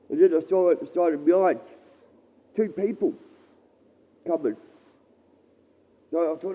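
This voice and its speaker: A man rambling and halting through a casual livestream chat from a dark shed, often repeating himself and swearing. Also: a little high, husky. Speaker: live streamer. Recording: tinny phone-like stream audio.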